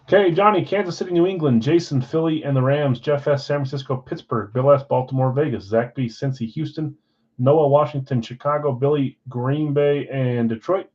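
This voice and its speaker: A man hosting a live card-break stream in casual chat, rattling off names and teams, swinging between loud calls and quiet asides. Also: mid-range voice, moderate pace, lo-fi sound.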